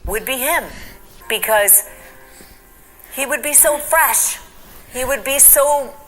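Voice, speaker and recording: Slow, earnest older woman. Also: sits high, fairly bright tone, slight background noise, low-quality recording. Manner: earnest and prayerful. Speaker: interviewee, mother. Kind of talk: personal testimony.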